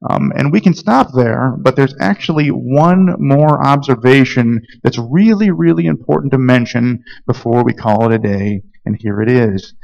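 A pastor from Georgia preaching a sermon, telling stories earnestly with frequent fillers and restarts. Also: male voice, mid-range voice, normal speed, gravelly, few pauses, darkish tone, dull audio.

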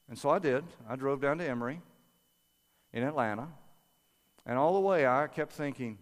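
A male preacher tells a personal story in a relaxed, conversational sermon. He drops in quick impressions of his family along the way. His mid-range voice carries a long hall echo. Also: medium pitch.

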